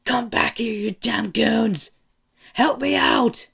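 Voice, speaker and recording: A man voicing a hotheaded teenage boy stuck in ice, ranting in a shrill, furious voice. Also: slow, vocal fry, fairly bright tone, husky, heavily acted. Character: hotheaded teen boy trapped in ice, yelling.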